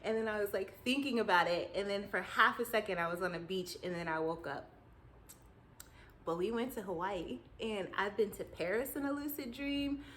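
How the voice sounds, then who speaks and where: Casual woman vlogger, animated dream storyteller, quick to laugh, medium pitch. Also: slight background noise, rough recording.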